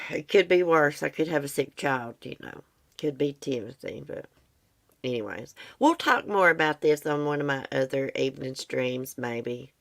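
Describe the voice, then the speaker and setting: A middle-aged woman, chatting casually and confiding rambling thoughts to her livestream viewers. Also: very deep voice. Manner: rambling, confiding, talks to chat. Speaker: livestream host.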